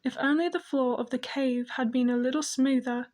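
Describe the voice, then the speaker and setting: High-voiced woman reading a storybook. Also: steady tone, moderate pace, a little mellow. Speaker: audiobook narrator. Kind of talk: storybook narration.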